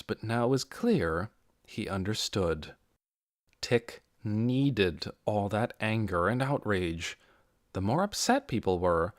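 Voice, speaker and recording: A man reading an audiobook in a measured way, giving key phrases slow, deliberate emphasis. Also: lowish voice, no room sound, studio quality. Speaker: audiobook narrator. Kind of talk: scripted narration.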